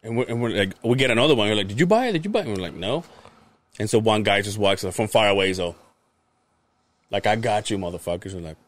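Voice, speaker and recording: A man's voice: on the low side, fast, pauses often, no room sound. A young man on a podcast, telling a casual story and acting out the lines of the people in it with a lot of swearing. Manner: animated, swears freely, acts out quoted lines. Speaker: podcast host.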